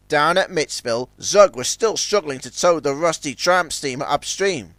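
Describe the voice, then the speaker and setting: A man narrating a children's storybook with a lively, expressive delivery. His voice is fairly high and swings widely in pitch. The recording is dry and close. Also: moderate pace, hardly any pauses, no room sound.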